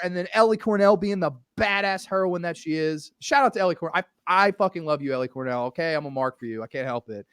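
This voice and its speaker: A man hosting a casual podcast chat, gushing with excitement and swearing freely. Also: on the high side, brisk, smooth, dry recording, clean studio sound. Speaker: podcast host.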